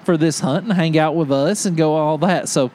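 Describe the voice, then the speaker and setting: A man on a podcast telling a hunting story in casual chat, animated and laughing often as he acts out what people said. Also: on the high side, normal speed, slight background noise. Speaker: podcast host.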